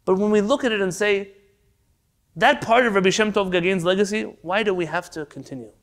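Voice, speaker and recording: High, bright-voiced impassioned male teacher. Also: a little fast. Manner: emotional, swings from loud rhetorical questions to quiet intensity. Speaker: rabbi teaching a Torah class. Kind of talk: impassioned Torah lecture.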